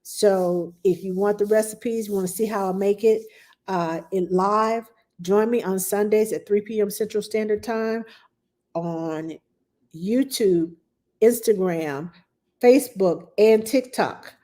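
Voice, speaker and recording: A middle-aged woman talks casually to her live-stream viewers. Her voice is mellow and relaxed, and she rambles along, full of fillers and asides. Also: mid-range voice, takes it slowly. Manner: chatty, rambling, with frequent fillers and laughs. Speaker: nanny hosting a live Q&A stream.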